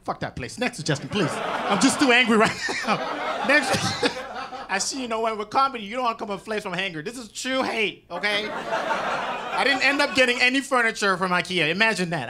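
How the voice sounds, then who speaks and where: A man from Nigeria doing improvised stand-up on a club stage, riffing on crowd shouts with mock anger. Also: high-pitched, background noise. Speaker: stand-up comedian. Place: comedy club stage with live audience. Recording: crowd laughter loud behind.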